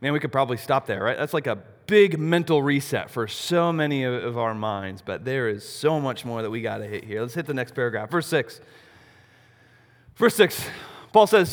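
Guy preaching a sermon, kinda high voice, big echoey hall, gets loud then quiet, lots of rhetorical questions. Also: expressive, normal speed. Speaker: pastor. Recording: long reverb of a large hall.

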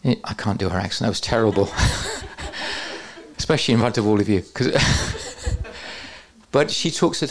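A man's voice: mid-range voice, a little slow, long pauses. A man teaching at a church conference, with joking, self-deprecating asides to the audience. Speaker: preacher.

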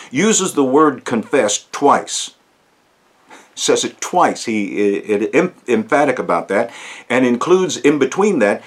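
A man teaching through a Bible passage, earnest and emphatic, slowing down to stress key phrases. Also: medium pitch, very animated. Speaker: pastor.

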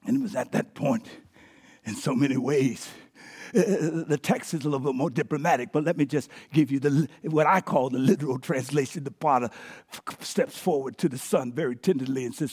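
A male pastor preaching a sermon with animated call-outs to the congregation. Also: medium pitch, a little fast, slightly rough.

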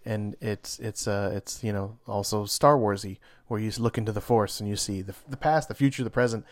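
A man's voice: fairly low pitch, fairly even intonation, brisk. A man co-hosting a casual podcast chat, reacting with enthusiasm and shock to comic book events.

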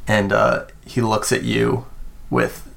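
Game master, man, slow deliberate horror narration. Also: mid-range voice, little pitch movement, creaky, fairly bright tone. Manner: slow and deliberate, with many fillers.

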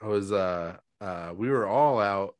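A man's voice: fairly low pitch, a little slow, clear, resonant tone, no room sound. A young man in casual podcast chat, sleepy and rambling, swearing casually as he tells a story. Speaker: podcast co-host.

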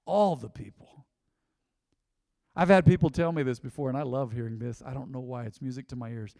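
A man preaching a sermon as pastor, telling stories with lively swings between loud and soft delivery. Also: mid-range voice, quick pace, long reverb tail.

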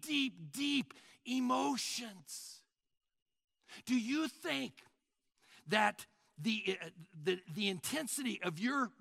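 A man in his sixties preaching a sermon, animated, acting out mock prayers and dialogue. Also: high voice, gravelly, no echo, studio quality. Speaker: pastor.

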